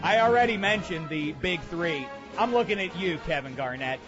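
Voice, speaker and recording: A man's voice: on the high side, lively intonation, moderate pace, dull audio, music in the background. A man hosting a comedic sports radio segment, ranting sarcastically and with heavy emphasis. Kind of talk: comedic sports commentary rant.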